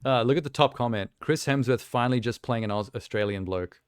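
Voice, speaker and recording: A man's voice: mid-range voice, a little fast, clear, resonant tone, no room sound, clean studio sound. A young man live streaming, chatting casually and rambling with self-amused asides while reacting to trailers.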